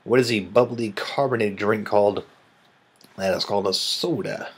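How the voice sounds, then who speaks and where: A man's voice: on the low side, normal speed, breathy edge, poor audio. A tired man from Illinois, raised in Missouri, with a Midwestern American accent, rambling casually as he answers questions and yawns between words.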